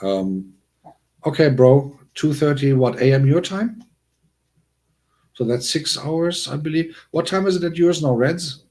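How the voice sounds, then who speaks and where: A man hosting a casual livestream, chatting with viewers in a rambling, animated way with frequent restarts and chuckles. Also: unhurried, pauses often. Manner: bursts of high-pitched excitement. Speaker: livestream host. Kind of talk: casual livestream chat, talking to chat.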